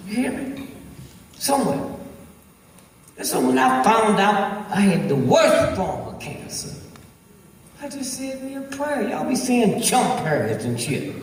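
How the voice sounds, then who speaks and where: A man's voice: high voice, very animated, takes it slowly, pauses often, a little hiss or hum. An older man telling a stand-up story to a live audience, profane and preachy, checking in with "Huh?". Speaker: stand-up comedian. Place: large auditorium. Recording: echoey hall recorded from far off.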